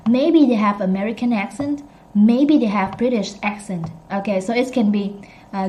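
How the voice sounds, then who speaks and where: A woman teaching an English pronunciation lesson, repeating phrases slowly and correcting herself as she goes. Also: mid-range voice, dark tone, a little hiss or hum, rough recording.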